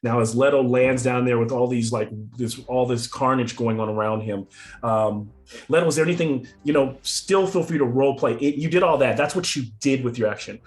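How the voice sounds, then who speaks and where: A man's voice: medium pitch, fairly quick. Rambling game master man, chuckling. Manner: rambling, filler-heavy, chuckling often. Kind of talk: narrating a tabletop game.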